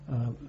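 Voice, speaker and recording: A former navy sailor, now older, looks back on his service for an oral history, speaking haltingly and wandering off with plenty of fillers. His voice has a dark tone. A faint hum runs under the dull, lo-fi recording.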